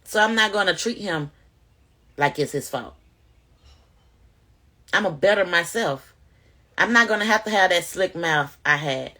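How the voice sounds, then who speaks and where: Woman, casual testimony to camera, animated and preachy, bright tone. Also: lowish voice, unhurried, long pauses. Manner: animated, preachy, addresses viewers directly. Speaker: vlogger sharing testimony.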